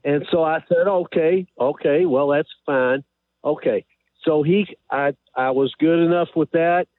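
A man's voice: a little high, no echo. Rambling man on a tinny phone line. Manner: rambling, halting, many fillers. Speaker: caller. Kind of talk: call-in radio question.

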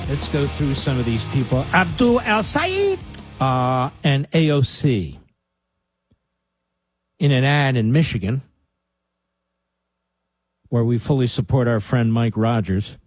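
A man's voice: medium pitch, lively intonation, slow, long pauses, breathy edge, soft background music. A man hosting a talk radio show, sarcastic and combative, stopping clips to mock them.

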